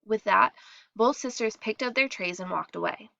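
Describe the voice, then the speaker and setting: A woman with vocal fry reads a first-person story aloud at a moderate pace, with the highs cut off. She briefly voices the other girls' lines, shifting pitch and loudness to act them out.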